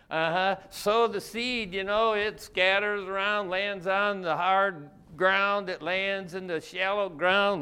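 A man's voice: high voice, pushed and bright, clear, resonant tone. A man preaching a conversational Bible-teaching sermon in a colloquial way, full of rhetorical questions.

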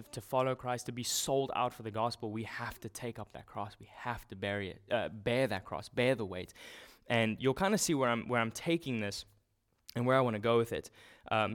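A man preaching a sermon in a relaxed, conversational way, often restarting and using fillers. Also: mid-range voice, normal speed.

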